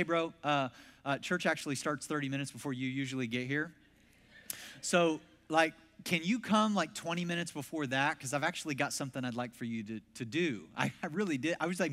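A man preaching a sermon as pastor, telling a story with lively quoted voices. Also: mid-range voice. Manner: animated, acts out quoted voices. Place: large church hall. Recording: long hall reverb.

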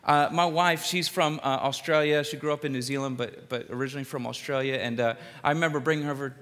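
A man from the Philadelphia area preaching a sermon, telling personal stories in an animated way with quick jokes and repeated words. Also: mid-range voice. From Philadelphia area, USA. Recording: reverberant hall.

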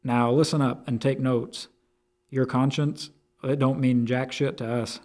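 A man's voice: medium pitch, level tone, a little slow, darkish tone, natural voice. A man voicing a rude, flustered art dealer who brushes people off in a storybook reading. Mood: dismissive. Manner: flustered and dismissive.

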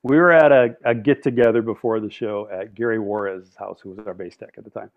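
A man telling stories on a podcast in a casual, animated way, acting out quotes and laughing often. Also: fairly low pitch, brisk, dull audio. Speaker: podcast guest, drum line instructor. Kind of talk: casual storytelling.

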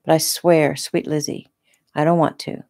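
A woman reading the part of a menacing male attacker who speaks calmly and quietly in an audiobook. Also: sits low, moderate pace, dry recording, studio quality. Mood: cold coaxing. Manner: calm, coaxing, quietly threatening. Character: menacing male attacker, soft-spoken and cold.

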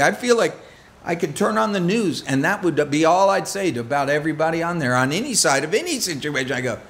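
Animated middle-aged pastor, lively voice. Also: male voice, on the high side, quick pace. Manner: animated storyteller, self-deprecating humor. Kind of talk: conversational sermon.

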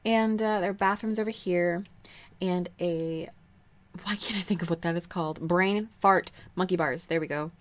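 A woman's voice: fairly low pitch, moderate pace. Young female let's-player, chatty, giggly, rambling casual commentary. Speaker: let's play host.

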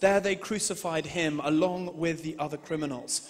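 A man delivers a sermon in a big church hall, his somewhat high voice ringing with long reverb. He swings from forceful emphasis down to hushed, drawn-out phrases as he reads and preaches. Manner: dramatic, swings between loud emphasis and hushed slow delivery. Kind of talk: sermon with scripture reading.

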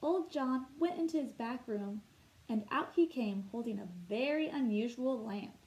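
A woman teacher reading a picture book aloud to children, telling it expressively and pausing to ask them questions. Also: fairly high pitch, a little mellow, rough recording.

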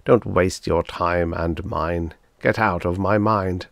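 A man's voice: low voice, steady tone, takes it slowly, vocal fry, no room sound, heavily acted. A man voicing a mocking giant male alien swordsman, scornful and taunting.

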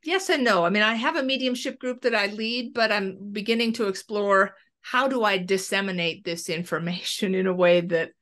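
A middle-aged woman guest recounting a personal story with real animation, slipping into the voices of the people in it. Her pitch sits in an ordinary middle range, and her telling moves along with conversational momentum. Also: moderate pace, few pauses. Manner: lively storyteller acting out dialogue. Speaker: medium and cancer researcher, interview guest.

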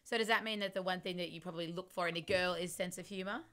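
A woman's voice: on the low side, steady tone, quick pace, pushed and bright, no room sound, studio quality. A woman hosting a radio interview, upbeat and teasing as she reads out listener questions. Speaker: radio host.

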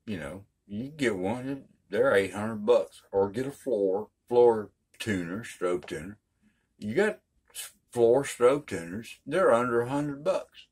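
Slow husky-voiced older man teaching guitar. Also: medium pitch, animated, a little mellow. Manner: folksy, emphatic, repeats himself. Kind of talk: casual video lesson.

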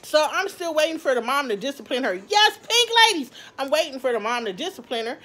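A woman vlogger telling a story to her viewers, animated and laughing as she talks. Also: high-pitched, fairly quick. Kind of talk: storytime vlog.

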